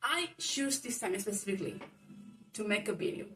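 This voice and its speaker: A woman's voice: medium pitch, big pitch swings, normal speed, bright, forceful tone, recorded from a distance, faint music behind, poor audio. A woman talking casually to her camera at home at night, rambling and full of fillers. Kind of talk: casual vlog monologue.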